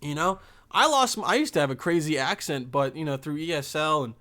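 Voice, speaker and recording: A man's voice: fairly high pitch, lively intonation, a little fast, pushed and bright. A young man hosting a podcast, talking in a loose, rambling and profane monologue. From Bosnia. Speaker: podcast host.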